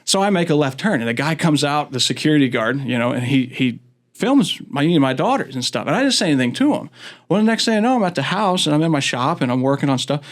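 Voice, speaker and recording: A man's voice: on the high side, big pitch swings, quick pace. A man from Florida, a father, casually telling rambling stories as a podcast guest, laughing often and acting out what others said. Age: adult, father of school-age daughters. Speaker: guest, county commission candidate. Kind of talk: casual storytelling chat.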